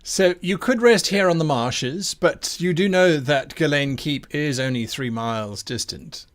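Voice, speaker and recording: A man running a tabletop game as its game master, narrating slowly and without hurry. He lets the scene unfold at an easy, deliberate pace, often with a chuckle. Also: a little high.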